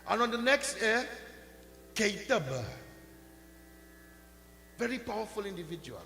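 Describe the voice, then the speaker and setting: A man giving a religious discourse, telling a sacred story with slow, swelling emphasis and chanting mantras now and then. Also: high-pitched, sing-song, vocal fry, pushed and bright. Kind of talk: sermon storytelling. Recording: echoey hall with faint hum.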